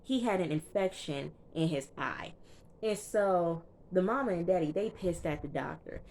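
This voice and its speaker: Recapping a TV episode for her viewers, a woman chats casually with lots of emphasis and filler words. She speaks at normal speed in a lowish, slightly mellow voice, with a faint hiss or hum in the audio.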